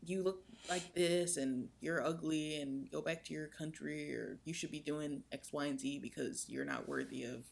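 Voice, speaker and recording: A young woman co-hosting a podcast, telling a story in casual chat with animated swings in pitch. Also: moderate pace, creaky, hardly any pauses. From United States. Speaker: podcast co-host.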